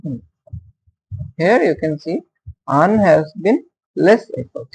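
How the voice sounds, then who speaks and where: A male teacher, explaining poetry meter in a halting way, with many fillers and questions put to his listeners. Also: a little high, expressive, vocal fry, husky, rough recording. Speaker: literature teacher. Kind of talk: casual classroom-style explanation.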